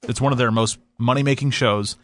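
A man explains a news story in a matter-of-fact way. His voice is mid-pitched and dry. He keeps the tone plain. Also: steady tone, fairly quick, no room sound. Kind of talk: explaining on radio.

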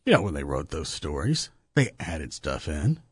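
A man's voice: a bass voice, sing-song, moderate pace, breathy edge, no echo. A man hosting a radio show, joking and rambling in casual on-air banter while fumbling with the studio gear.

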